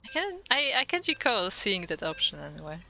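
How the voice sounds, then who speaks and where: Chatty woman co-caster, bright voice. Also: mid-range voice, very animated, brisk, gravelly. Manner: chatty, self-deprecating. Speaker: esports co-caster. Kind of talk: live game commentary.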